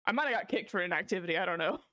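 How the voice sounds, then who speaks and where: A woman's voice: on the low side, animated, racing, sharp tone. A woman livestreaming from a small room at home, chatting casually with viewers, giggling breathlessly and swearing freely between lines.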